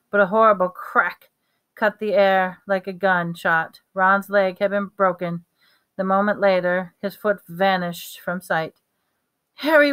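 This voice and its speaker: A woman reading a storybook aloud, halting often to correct herself. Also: medium pitch, a bit bright, smooth. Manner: halting, stumbles and self-corrections. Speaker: reader.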